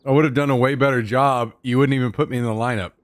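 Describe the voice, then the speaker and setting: A man's voice: medium pitch, fairly even intonation, fast, dry recording. A young man streaming from home into a desk microphone, in a loose, joking manner that swears casually and chats with his viewers. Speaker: livestreamer. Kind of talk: casual live-stream chat.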